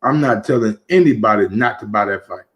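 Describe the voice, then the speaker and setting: A man's voice: on the low side, fairly quick, fairly bright tone. A man hosting a casual boxing talk show, talking loosely with many restarts and profanity. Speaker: show host.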